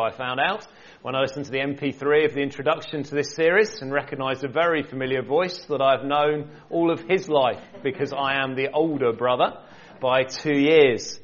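A man speaks as a minister, telling his personal faith story to a church gathering. His delivery is conversational, with light joking asides. The recording is muffled and lo-fi. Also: mid-range voice. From England. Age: 40s. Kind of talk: personal testimony in a church talk.

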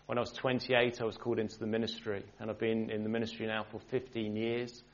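A man's voice: on the low side, flat delivery, fast talker, dull audio. A man, a minister telling his own story of faith in a church, conversational with light joking asides. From England. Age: 40s. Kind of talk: personal testimony in a church talk.

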